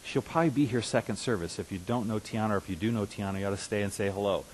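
A man's voice: on the low side, rapid-fire, darkish tone, low-quality recording. Male pastor preaching over faint hiss. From Russia. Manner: conversational preaching, repeats words, rises to emphatic bursts. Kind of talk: sermon.

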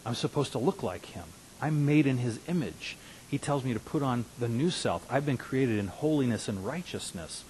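A man in his fifties preaching a sermon as a pastor, earnest, dropping to hushed asides and rising to emphatic declarations. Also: mid-range voice, lively intonation, moderate pace, slight background noise, poor audio. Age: 50s.

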